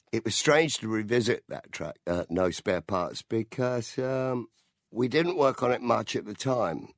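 A musician in an interview, telling an anecdote about a recording session in a loose, rambling way. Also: male voice, mid-range voice, slow, no room sound, clean studio sound. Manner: relaxed, rambling storytelling with fillers and restarts.

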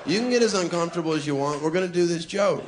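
A man doing a live stand-up routine on a comedy club stage, cheeky, with deadpan asides and chuckles at his own jokes. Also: on the high side, rapid-fire, background noise.

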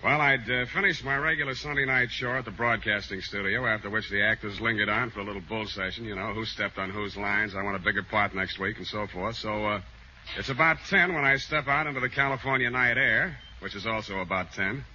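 1940s radio comedy: a wry, weary radio detective, dry deadpan delivery, very bright voice, dull old broadcast sound. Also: male voice, fairly low pitch, brisk, a little hiss or hum. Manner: dry, deadpan storytelling with hesitations. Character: wry, tired man who plays a radio detective. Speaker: radio actor playing a detective.

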